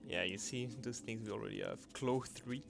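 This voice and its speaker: A man commenting on his gameplay, reading patch notes aloud in non-native English phrasing and breaking into excited exclamations. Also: fairly low pitch, moderate pace, gravelly. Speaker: channel host. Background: background music.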